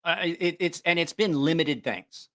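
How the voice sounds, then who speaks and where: A man's voice: on the high side, unhurried. A man hosting a livestream about knives, chatting casually and rambling, often correcting himself and cracking jokes. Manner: rambling, self-correcting, jokey. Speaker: knife channel livestream host.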